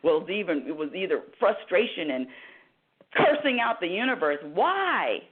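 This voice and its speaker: A woman's voice: on the low side, big pitch swings, moderate pace, slightly rough. Impassioned woman on a tinny line. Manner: impassioned storytelling with dramatized dialogue. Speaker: radio host and happiness coach. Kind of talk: talk radio monologue.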